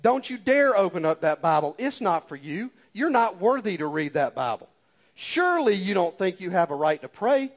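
A man voicing a sly male devil who coaxes in a hushed whisper and then sneers in scorn. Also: high-pitched, big pitch swings, moderate pace. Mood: sneering. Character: sly tempting male devil, cruel accuser.

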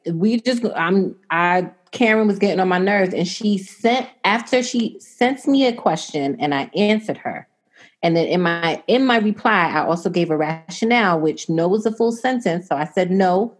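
A woman's voice: fairly low pitch, normal speed. A young adult woman chatting casually and telling a long story, acting out what people said. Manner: animated storyteller, quotes herself and others in voices.

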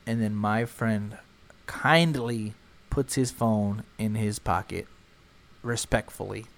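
A young man in his twenties from San Antonio, Texas, telling a wild story in casual, profane chat, jumping into loud, high quoted voices. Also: slow pace, a little hiss or hum.

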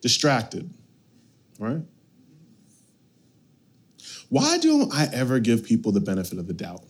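A man preaching a sermon as pastor, animated, swinging from loud bursts to hushed lines. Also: mid-range voice, unhurried, slightly rough.

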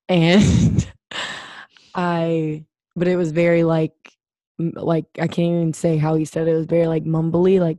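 Mellow-voiced chatty woman. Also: deep voice, flat delivery, measured pace, dry recording. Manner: chatty storyteller, frequent "like" and laughs. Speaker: podcast co-host. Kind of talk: casual chat.

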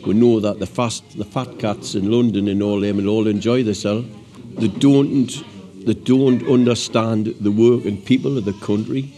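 Deep-voiced man in his seventies, plainspoken. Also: fairly even intonation, normal speed, dark tone. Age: 70s. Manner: plainspoken, opinionated. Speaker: pensioner interviewee. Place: outdoors on a misty hill pass.

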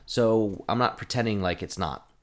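A man's voice: on the low side, normal speed. A man in his thirties, a bartender, ranting in casual chat with profanity and sarcasm.

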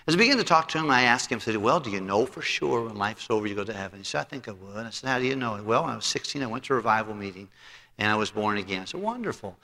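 A middle-aged male pastor preaching a sermon and telling a story, acting out both sides of a conversation in a lively way. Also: on the low side, very fast. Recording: long hall reverb.

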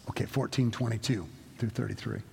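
Recorded with a long echo, as though in a big church hall, a man's sermon comes across casual and halting, full of restarts. His voice is medium in pitch, gravelly, a bit husky, and darkish in tone.

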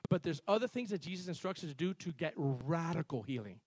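High-voiced animated male preacher. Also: brisk, breathy edge, no echo. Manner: animated storytelling, shifting between loud emphasis and quiet asides; repeats and restarts phrases, calls on the congregation. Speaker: pastor. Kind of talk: sermon.

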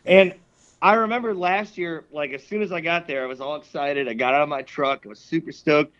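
A man in casual podcast chat, telling animated stories and swearing freely. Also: a little high, fairly quick, lo-fi sound.

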